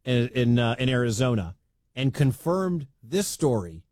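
Man, sports radio host, lively swooping voice, dry studio sound, rambling casual commentary. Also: medium pitch, measured pace, no room sound. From Midwestern United States. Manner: animated, rambling, laughs at the story.

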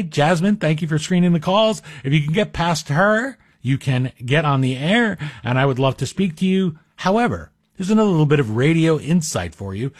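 A man's voice: mid-range voice, no room sound, clean studio sound. A man guest hosting a talk radio show, chatting in a wry, self-deprecating way. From Greek heritage. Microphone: studio microphone.

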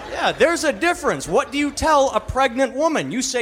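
A man performing a stand-up comedy set, mocking and animated, acting out the voices of other people. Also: very high-pitched, a little fast, few pauses, slight background noise.

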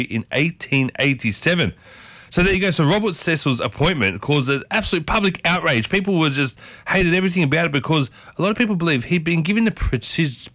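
An Australian man hosting a morning radio show, chatting casually and rambling, with big upward swings in pitch, on a studio microphone. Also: fairly bright tone, dry recording. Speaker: radio host.

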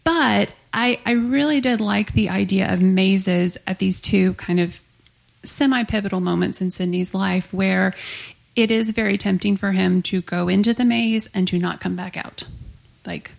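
A woman's voice: medium pitch, moderate pace, vocal fry. A woman author in her thirties, chatting animatedly in an interview, filling with frequent "like"s. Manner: chatty, animated, lots of "like" fillers. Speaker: author guest. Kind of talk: casual interview chat.

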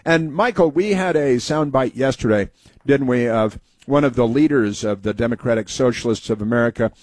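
A man's voice: medium pitch, normal speed, a little mellow, no echo. A man hosting a casual talk show, rambling through anecdotes and mocking political commentary. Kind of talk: casual talk radio monologue.

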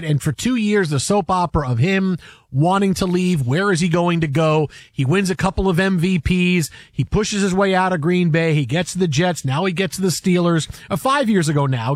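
A man hosting sports talk radio, telling stories in an animated, rambling way with lots of fillers and restarts. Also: high-pitched, no room sound, clean studio sound.

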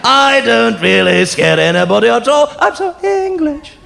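A man's voice: extremely high pitch, very animated, normal speed, creaky, faint music behind, pitched above the performer's own voice, full character voice. A man hamming up a prissy Englishman. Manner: prissy, exaggerated. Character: campy fussy harmless Englishman, adult man. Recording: loud laughing club crowd.

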